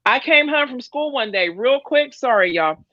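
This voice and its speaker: Middle-aged woman, animated storyteller voicing quotes, dry and slightly dull recording. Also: moderate pace, no room sound. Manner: animated, acts out quotes with big pitch jumps. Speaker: interview guest. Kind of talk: casual storytelling.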